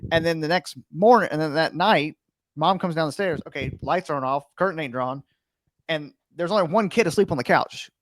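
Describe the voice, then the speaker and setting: A man hosting a podcast in casual conversation, his speech full of filler words. His voice sits somewhat high. The sound is dry and close. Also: brisk, no room sound. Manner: chatty, many filler words like "like". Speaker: podcast host. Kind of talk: casual chat.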